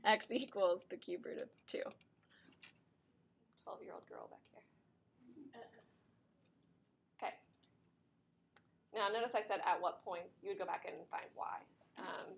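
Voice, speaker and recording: A woman's voice: on the low side, gravelly, slight background noise. A woman teaching a math class, explaining steps to her students while she is losing her voice and it keeps cracking. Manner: talks through steps at the board, chatty with students.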